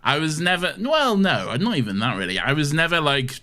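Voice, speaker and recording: A man's voice: fairly high pitch, big pitch swings, moderate pace, bright, forceful tone. A man from Yorkshire with a Yorkshire accent, co-hosting a podcast in casual chat, blunt and often laughing. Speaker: podcast co-host.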